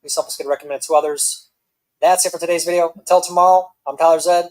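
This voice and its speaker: A man's voice: on the high side, fairly even intonation, fast talker, a little mellow, poor audio. Sarcastic male reaction-video host. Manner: sarcastic, mocking.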